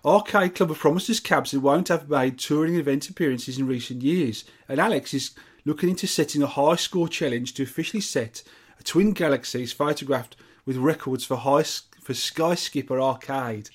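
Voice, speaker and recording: A man's voice: on the high side, fairly quick, slightly rough. A man co-hosting a casual podcast, chatting in a rambling, jokey way and reading out event news. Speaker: podcast co-host.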